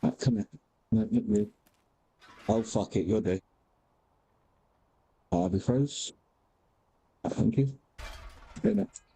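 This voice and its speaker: A young man talks casually on a game stream, his voice deep-toned and mellow. He mutters to himself as he plays and slips into a high, sing-song baby voice when he speaks to his cat. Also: takes it slowly, creaky, long pauses, slight background noise, rough recording. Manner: relaxed, mutters to himself while gaming. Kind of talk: casual livestream chat.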